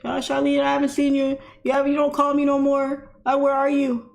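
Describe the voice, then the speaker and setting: A doting elderly grandmother , put on by a woman, pleads in a very high, plaintive voice. Her tone is gently reproachful, with a gravelly edge under the old-lady whine. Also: completely flat delivery, a little fast.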